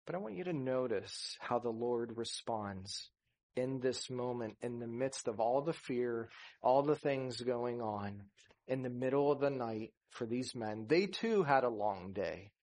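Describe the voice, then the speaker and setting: A man's voice: mid-range voice, expressive, unhurried, a little mellow. A man preaching a sermon, earnest, rising to emphasis and acting out scripture dialogue. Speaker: pastor.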